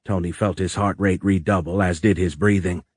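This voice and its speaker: A man narrating an audiobook in a measured, even reading. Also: sits low, slightly rough, no room sound, clean studio sound.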